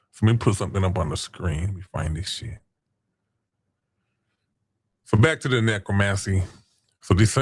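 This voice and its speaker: Brief: livestream host, male, low voice, mocking trash talk, swears freely. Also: dry recording. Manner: taunting, trash-talking chat users; crude, profane slang. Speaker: stream host. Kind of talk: casual livestream chat.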